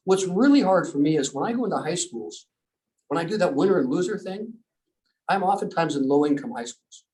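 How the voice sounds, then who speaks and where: A man giving a storytelling talk as a guest speaker, animated and acting out the voices of people he quotes. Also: on the high side, normal speed, far from the mic, rough recording.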